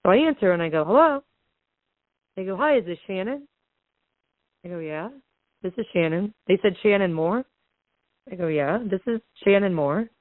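A woman, a podcast guest who invests in real estate, telling a story in a casual, animated way and acting out the dialogue. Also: fairly low pitch, normal speed, long pauses, no room sound. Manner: animated retelling that acts out quoted dialogue. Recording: dry, tinny phone-line sound.

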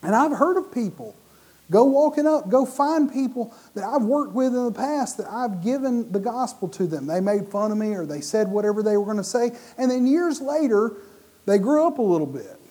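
A man preaching a sermon, animated and often restarting or repeating his words mid-sentence. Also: sits high, moderate pace, husky.

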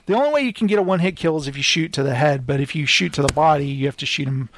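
A man's voice: on the high side, very fast, fairly bright tone, a little hiss or hum. A man hosting a casual podcast chat, talking in an amused, rambling way with lots of "like". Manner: chatty and amused, full of filler "like". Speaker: podcast host.

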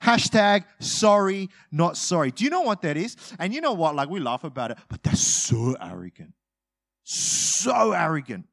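In a fairly high, gravelly voice with a breathy edge and wildly swooping pitch, a pastor preaches at a normal speed. He keeps things conversational and funny, acting out everyday scenes and lurching from loud bursts to quiet asides.

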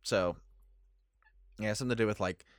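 A man's voice: lowish voice, moderate pace, no echo, studio quality. A man co-hosting a podcast in casual chat, with wry, amused remarks. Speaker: podcast co-host.

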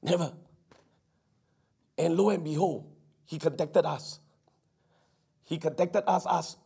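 A man preaching from the pulpit with a fairly high voice. He tells his story eagerly, stumbling over restarts and breaking into exclamations. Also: takes it slowly, creaky, pauses often, warm tone, husky. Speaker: pastor. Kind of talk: sermon.

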